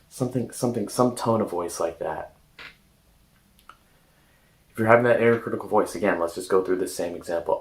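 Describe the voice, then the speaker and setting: Gentle man coaching in a very deep voice. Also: fairly quick, long pauses, rough recording. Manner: gentle, hesitant, with many fillers and restarts. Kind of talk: casual self-help talk.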